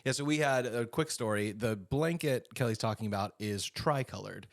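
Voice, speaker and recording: A man's voice: medium pitch, normal speed, dry recording, clean studio sound. A young man co-hosting a podcast in casual chat, playful and joking. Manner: playful, puts on a radio announcer voice at times. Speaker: podcast co-host.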